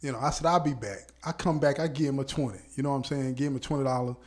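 A man hosting a podcast, telling a story in a casual, animated way, laughing often and checking in with his listeners. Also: medium pitch, very fast. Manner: animated, laughs often, peppers speech with "you know what I'm saying". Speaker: podcast host.

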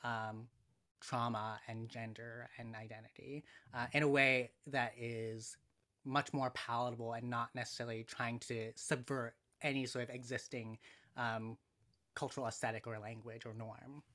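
Bright-voiced thoughtful man, measured. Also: mid-range voice, level tone. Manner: thoughtful, measured, frequent ums and pauses. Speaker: podcast guest, writer. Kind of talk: casual conversational analysis.

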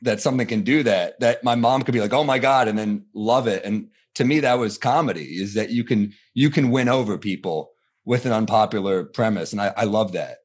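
A man in his thirties, a comedian, chatting in an interview and telling animated stories, acting out quotes in a higher voice. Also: fairly quick, husky. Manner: animated storytelling, acts out quotes with jumps in pitch. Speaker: comedian guest. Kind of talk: casual interview chat.

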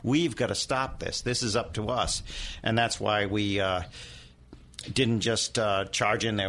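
Low-voiced man telling a dramatic story. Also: steady tone, unhurried, fairly bright tone. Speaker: guest demonologist. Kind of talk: storytelling interview.

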